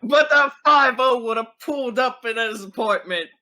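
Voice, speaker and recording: A man's voice: extremely high pitch, moderate pace, pushed and bright. A man co-hosting a casual podcast, dropping short joking interjections. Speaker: podcast co-host. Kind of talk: casual chat.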